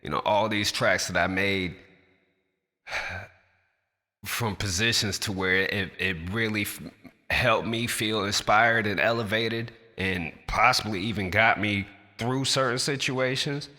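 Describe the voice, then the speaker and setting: A man's voice: on the low side, unhurried, bright, forceful tone, in a large hall. A man who raps, speaking straight to camera in a passionate, blunt and profane rant in his natural everyday voice. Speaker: rapper.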